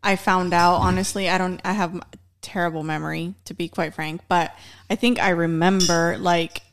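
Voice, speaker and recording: A woman's voice: on the low side, steady tone, normal speed. A woman in casual chat, recalling something in a hesitant, rambling way.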